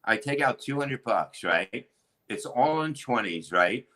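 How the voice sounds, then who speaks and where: A middle-aged man, a comedian, telling crude stories in a rambling, animated way with lots of restarts. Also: mid-range voice, a little slow, rough recording. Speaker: comedian guest. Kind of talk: casual storytelling chat.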